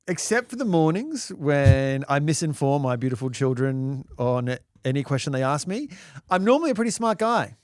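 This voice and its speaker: A man's voice: on the high side, big pitch swings, moderate pace, darkish tone, no room sound. A man co-hosting a podcast, telling jokey stories and swearing freely. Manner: joking storyteller, swears freely. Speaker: podcast co-host. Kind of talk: casual chat.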